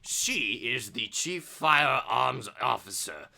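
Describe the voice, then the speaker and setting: A man's voice: medium pitch, animated, slow pace, vocal fry, bright, forceful tone, exaggerated voice. A game master voicing a polite, bewildered male officer who speaks formally. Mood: flustered. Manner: formal, flustered.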